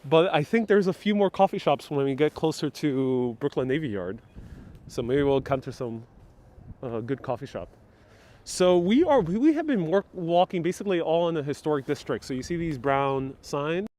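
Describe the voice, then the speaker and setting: Hosting a live-stream walking tour outdoors in New York City, his hometown, a man chats casually and playfully while replying to viewer comments. His slightly high voice is warm, with lively intonation and a moderate pace, captured by a wireless clip-on mic.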